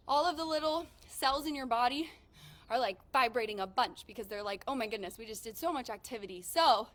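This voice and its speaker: A young woman fitness instructor coaches a workout class in a high, somewhat bright voice. Upbeat and encouraging, she counts reps aloud while out of breath.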